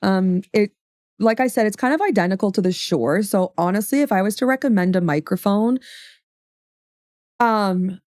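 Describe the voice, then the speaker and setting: A woman's voice: medium pitch, normal speed, a little mellow, no echo. Young female streamer, mid-range voice, chatty and rambling, dry studio mic. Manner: chatty, rambling, swears casually. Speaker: livestream host. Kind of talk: casual stream chat. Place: home streaming setup. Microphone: studio XLR microphone.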